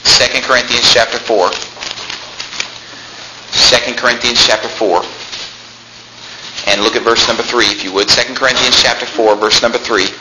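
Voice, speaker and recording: A man preaching a sermon, with loud high-pitched bursts and drawn-out lines as he reads and explains Bible verses. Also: steady tone, reverberant, background noise. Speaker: pastor. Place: church.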